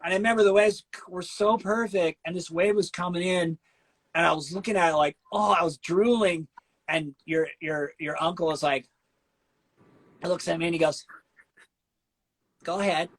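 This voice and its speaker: A middle-aged man hosting a casual interview, telling animated stories, acting out quotes and laughing often. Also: high voice, moderate pace, long pauses, rough recording. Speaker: host.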